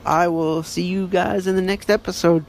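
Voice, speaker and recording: A man's voice: high-pitched, flat delivery, normal speed, slight background noise. A man hosting a podcast, giving a casual book review in a rambling way, full of fillers and self-corrections. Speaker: podcast host.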